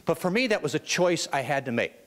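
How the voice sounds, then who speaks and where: A man's voice: fairly high pitch, fast. A man giving a humorous motivational keynote, telling comic stories to an audience. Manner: animated comic storyteller. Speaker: motivational speaker.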